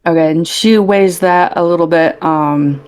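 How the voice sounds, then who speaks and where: A woman's voice: lowish voice, a little slow, darkish tone, clean tone. A woman taking part in a tabletop game over a voice call, describing what her character does with plenty of fillers. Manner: explains in third person with many fillers. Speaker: player. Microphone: home mic over a voice call.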